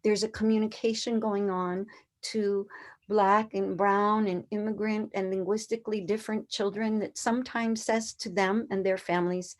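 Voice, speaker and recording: A woman's voice: medium pitch, little pitch movement, moderate pace. A woman in her sixties, whose first language was not English, giving an earnest conference presentation to educators and posing rhetorical questions. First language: a language other than English.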